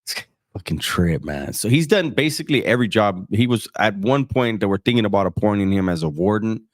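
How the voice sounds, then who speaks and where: A man's voice: on the low side, lively intonation, a little fast, no room sound, clean studio sound. A man, the host, ranting in a profane, joking way during casual chat.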